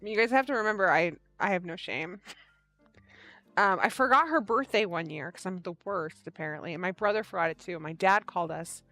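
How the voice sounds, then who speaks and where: A woman's voice: on the low side, a little fast, no echo, faint music behind. A woman hosting a knitting livestream, chatting casually and telling stories with lots of laughter. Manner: animated storyteller, laughing often.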